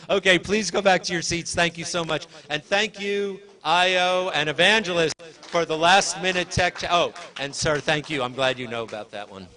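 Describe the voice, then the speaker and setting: A bright, forceful male voice with a pitch a little above average, presenting live in a university event hall. He talks in a chatty, rambling way, full of self-corrections and asides to the people running the screen. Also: a little slow. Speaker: presenter at a library launch.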